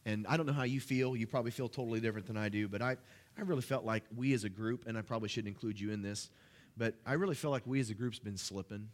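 Rambling, chatty preacher man. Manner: conversational, halting with frequent fillers and restarts; rises in pitch and volume when excited, hushed when praying. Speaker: guest preacher. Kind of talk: sermon with personal storytelling. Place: church service.

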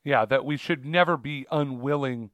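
A man's voice: medium pitch, normal speed, fairly bright tone, no room sound. A man co-hosting a casual talk show about faith, rambling with many fillers and restarts. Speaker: podcast co-host.

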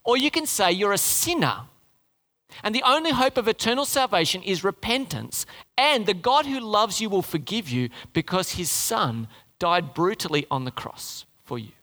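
Joking, animated preacher, male, high-pitched, echoing church hall. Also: moderate pace. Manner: animated, joking, asks the crowd questions. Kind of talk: sermon.

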